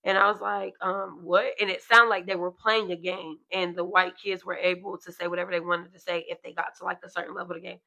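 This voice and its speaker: Gravelly, bright-voiced woman chatting frankly. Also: fairly low pitch, level tone, fast, few pauses. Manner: candid, emphatic, frank. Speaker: podcast co-host. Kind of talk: casual chat.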